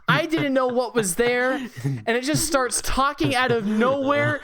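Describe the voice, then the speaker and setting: A young man hosting a casual podcast, telling a childhood story with animated, profane energy and laughter. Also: very high voice, a little slow, a loud crowd. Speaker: podcast host.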